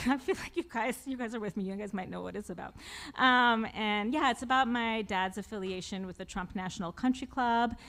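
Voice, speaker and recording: A woman's voice: fairly high pitch, a little fast, fairly bright tone. A woman in her forties, an author telling a personal story live to an audience with wry, self-deprecating humor, often laughing at her own jokes.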